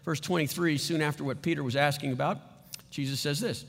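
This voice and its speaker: Man, pastor, conversational sermon, raised pitch, reverberant sanctuary. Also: fairly even intonation, a little fast, creaky. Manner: conversational, asks "right?" often. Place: church sanctuary. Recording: long hall reverb.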